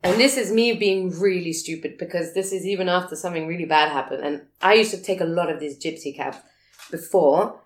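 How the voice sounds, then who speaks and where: A woman telling a story casually, animated, swearing and laughing often. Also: on the low side, fairly quick, echoey room. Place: living in a big city abroad.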